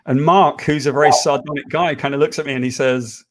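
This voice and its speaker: A man co-hosting a casual chat, telling a long story with lively, profane energy. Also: medium pitch, a little fast. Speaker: co-host.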